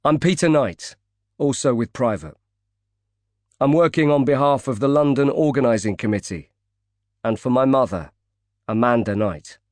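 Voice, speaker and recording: A man voicing a composed male private investigator in an audiobook, calm and polite. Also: mid-range voice, normal speed, long pauses, dry recording, lightly acted. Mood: earnest.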